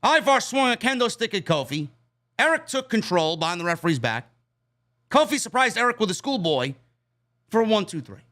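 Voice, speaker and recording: A man tears through a wrestling show review in a blunt, exasperated rant full of swearing. His voice sits high and bright. His pitch leaps all over the place as he argues his points.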